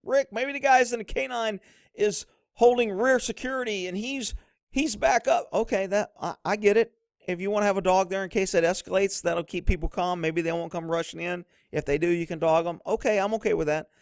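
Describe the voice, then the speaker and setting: High-voiced blunt male commentator. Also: steady tone, a little fast, vocal fry, no room sound, studio quality. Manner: blunt, instructive, drops low to mimic others. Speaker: commentator, former police officer. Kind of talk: commentary over police footage.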